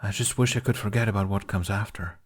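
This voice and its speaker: A man reading the lines of a guarded, troubled young man, speaking quietly, close to a whisper. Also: on the low side, quick pace, lightly acted. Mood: somber. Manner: hushed, near whisper.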